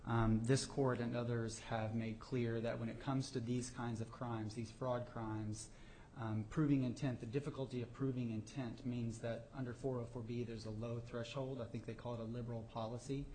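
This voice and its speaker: A man, a government attorney, answering judges in a courtroom oral argument, often pausing with fillers and restarting his sentences. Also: medium pitch, flat delivery, mellow, slight background noise. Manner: hesitant, many fillers and restarts.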